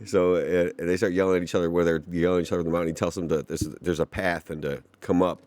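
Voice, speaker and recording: Deep-voiced casual male podcast host. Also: flat delivery, rapid-fire, darkish tone. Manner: loose, swearing, laughs often, lots of fillers. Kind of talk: casual reaction chat.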